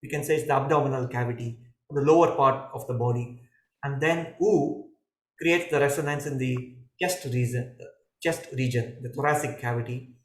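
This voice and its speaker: A man, a yoga teacher, giving calm, measured explanations in a podcast conversation, pausing and restarting now and then. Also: medium pitch. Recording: echoey room.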